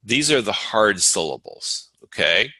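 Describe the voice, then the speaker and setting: A man teaching a Sanskrit class, explaining at an unhurried pace with frequent fillers and restarts. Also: on the low side, big pitch swings, bright, forceful tone, no echo, low-quality recording. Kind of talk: lecture.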